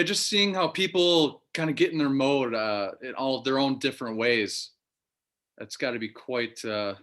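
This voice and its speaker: A male podcast host with a bright, sharp voice keeps the chat casual. He asks questions in an eager, joking way, like a fan. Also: mid-range voice.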